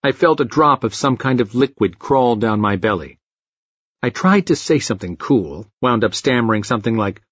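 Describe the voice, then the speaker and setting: A man narrating a story in the first person, frantic and profane, with dark comic flair, in a dry, slightly muffled recording. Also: lowish voice, expressive, moderate pace, slightly rough, no echo.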